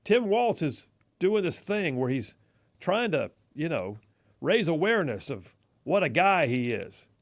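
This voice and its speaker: A man's voice: a little high, big pitch swings, measured pace. A male talk radio host, chatting casually, reading listener texts aloud and chuckling as he goes. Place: radio studio.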